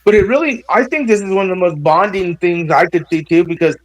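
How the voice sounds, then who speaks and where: A man rambling excitedly on a livestream panel, with lots of stammered restarts. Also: sits high, a little fast, no room sound, rough recording. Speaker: panel guest.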